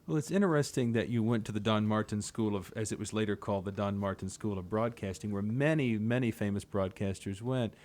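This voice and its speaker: A man's voice: lowish voice, fairly quick, few pauses, darkish tone. A man interviewing for an oral history, asking long, careful questions with some restarts.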